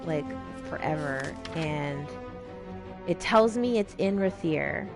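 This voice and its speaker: Over music, a woman streamer talks slowly in a deep, gravelly, expressive voice, giving laid-back commentary on her video game, cursing without restraint and performing the characters' lines.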